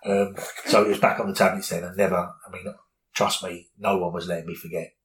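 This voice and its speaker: A middle-aged man speaks with a slightly low pitch. He tells a personal story in an interview, candid and rambling, full of fillers and restarts. A faint ambient noise sits behind his voice. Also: level tone, a little fast, a bit bright, rough recording.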